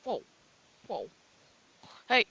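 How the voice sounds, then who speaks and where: A woman giving casual gameplay commentary, excitable, yelling taunts and giggling between lines. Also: extremely slow, dull audio. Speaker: gamer recording gameplay.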